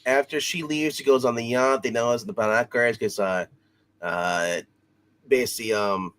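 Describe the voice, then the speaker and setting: A man's voice: mid-range voice, normal speed, a bit bright. A man co-hosting a casual TV episode review, talking in a loose, rambling way with many fillers.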